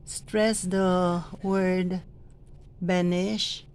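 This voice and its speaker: A middle-aged woman training church lectors, explaining how to proclaim the readings in a slow, deliberate way and stretching the words she stresses. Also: lowish voice, flat delivery, a little mellow, smooth. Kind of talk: instructional reading guide.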